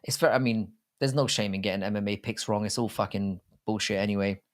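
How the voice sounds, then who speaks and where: Brisk and fairly low in pitch, a man hosts a casual live stream on fight betting, rambling with crude jokes and many restarts.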